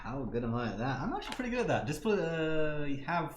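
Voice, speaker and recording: A man chatting as a player in a tabletop game, with a middling pitch that moves about a lot. He talks in a playful, jokey way, and the sound rings with the echo of a roomy space. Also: sing-song, fast talker, noisy background. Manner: playful, jokey, laughs often. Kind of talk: casual tabletop play.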